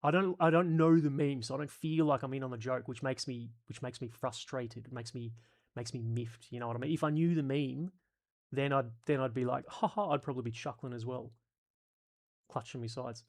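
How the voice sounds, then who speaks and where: A man's voice: medium pitch, fairly even intonation, fairly quick, a little mellow. An Australian man talking on a live stream, reading out viewer comments and answering them. He swears freely and sounds exasperated, thinking his points through aloud. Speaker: YouTube host reading live chat.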